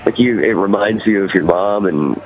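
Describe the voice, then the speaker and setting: A man's voice: deep voice, moderate pace, highs cut off. A man with a Californian accent, a musician guest chatting loosely in an interview, rambling and full of fillers. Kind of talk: casual interview chat.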